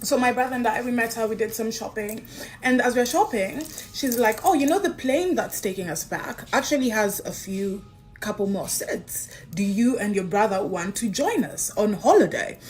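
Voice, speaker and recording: A young woman casually telling a personal story, animated and chatty, acting out the lines of others. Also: medium pitch, moderate pace. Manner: animated, acts out dialogue, chatty with fillers. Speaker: interviewee.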